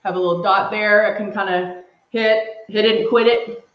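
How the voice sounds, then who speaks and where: A woman's voice: mid-range voice, steady tone, normal speed. Chatty woman demoing makeup live. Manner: chatty, talks through each step while reading viewer comments. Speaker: makeup demonstrator on a livestream. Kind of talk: casual live makeup tutorial. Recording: echoey room, slightly dull sound.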